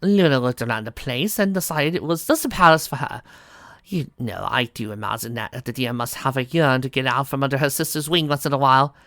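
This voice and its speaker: A woman's voice: rumbling low, brisk, fairly bright tone, dry recording, clean studio sound. A woman voicing Rarity, a refined, fashionable adult mare unicorn with a theatrical, genteel manner. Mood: musing.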